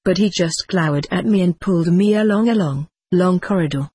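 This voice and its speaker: Male memoir narrator, wry and dry delivery, husky voice, close and dry sound. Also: high-pitched, moderate pace, darkish tone, dry recording. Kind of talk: first-person memoir narration.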